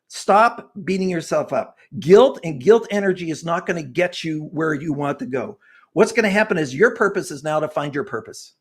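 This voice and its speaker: Older guy in his 60s, high-ish voice, earnest and preachy, gets fired up talking as an interview guest. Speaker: guest author and personality expert. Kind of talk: passionate interview talk.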